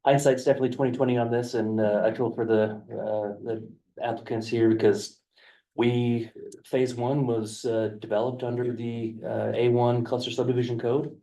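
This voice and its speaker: A man's gravelly, dark voice picked up from a distance in a county meeting room. He explains a development proposal in a flat, level tone, hesitating over fillers as he goes. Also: medium pitch, normal speed. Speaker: county planning staff presenter. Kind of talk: explaining a proposal in a work session.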